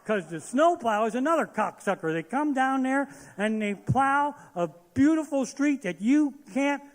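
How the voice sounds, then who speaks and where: A man's voice: extremely high pitch, expressive, moderate pace. A man doing a crude, swearing stand-up rant on a live theater stage. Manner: crude, swearing constantly, ranting. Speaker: stand-up comedian. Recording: long hall reverb.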